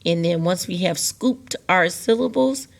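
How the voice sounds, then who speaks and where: A woman's voice: lowish voice, a little slow, vocal fry. A woman teacher patiently walking children through a phonics lesson step by step. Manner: patient, step-by-step explaining with rhetorical questions.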